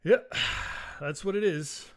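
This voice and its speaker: A man's voice: on the high side, slow. A middle-aged man hosting a solo podcast, ranting in a profane, rambling way with frequent restarts. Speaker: podcast host.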